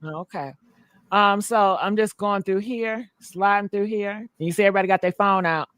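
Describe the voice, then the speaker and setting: A woman's voice: medium pitch, normal speed, a bit bright, clean tone, no room sound, studio quality. A woman hosting a commentary vlog, chatty and slangy, talking straight to her viewers. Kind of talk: casual commentary.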